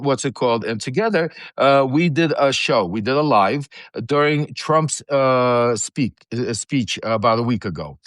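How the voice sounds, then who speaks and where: A man's voice: mid-range voice, no room sound. A man hosting an unscripted livestream, telling a long story in a rambling, profane way, full of fillers and restarts. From Ukraine. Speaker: show host.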